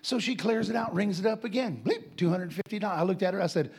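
A man preaching a sermon as a folksy, animated story, laughing often and bursting into loud shouts of praise. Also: high voice, fast talker, vocal fry, few pauses, breathy edge.

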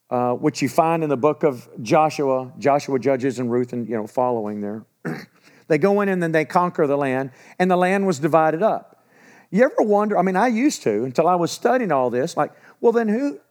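A man's voice: mid-range voice, a little mellow. A man teaching a sermon in a conversational, emphatic way, repeating key points. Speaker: pastor.

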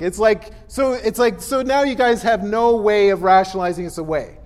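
A man with a high, light voice preaches in a relaxed, conversational way, laughing often and slipping into playful voices as he reads. His voice rings with a long reverb. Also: normal speed, hardly any pauses. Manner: casual, animated, laughs often, mimics voices. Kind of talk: sermon.

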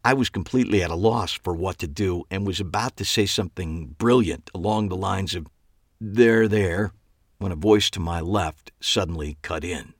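A man's voice: low voice, normal speed, hardly any pauses, husky, no room sound. A man reading a first-person novel aloud with dry, wry storytelling. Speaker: audiobook narrator. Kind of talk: first-person scripted narration.

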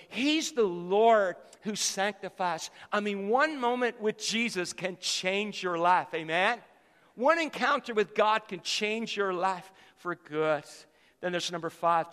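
A man's voice: sits high, bright, forceful tone, in a large hall. A man in his fifties preaching a fervent sermon as pastor, repeating phrases for emphasis.

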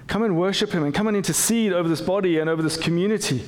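Pastor preaching in a church hall. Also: male voice, high-pitched, racing. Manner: conversational with frequent restarts. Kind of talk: sermon.

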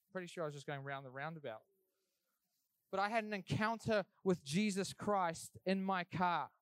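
A man's voice: sits high, smooth, no room sound. A young man telling his life story in an earnest, conversational way, as a church speaker giving testimony. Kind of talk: sermon testimony.

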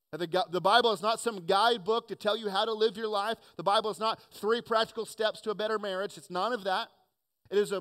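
A man delivers a sermon in a slightly raised voice. He moves from loud, emphatic points down to quiet, earnest asides as he preaches. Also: high voice. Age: adult, has children. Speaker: pastor.

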